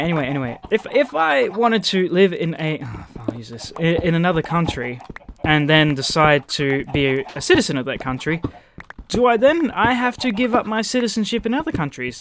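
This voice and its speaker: A man's voice: fairly high pitch, background noise. A man with an Australian accent, rambling casually and swearing freely while he plays a game and chats to his viewers. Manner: rambling, swears freely, talks to the game's chickens. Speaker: gaming YouTuber.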